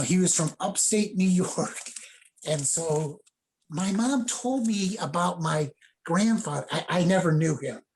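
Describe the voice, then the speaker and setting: A man's voice: on the high side, darkish tone. A middle-aged man, a judo sensei, telling rambling stories casually on a video call. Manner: rambling anecdotes with laughs and acted quotes.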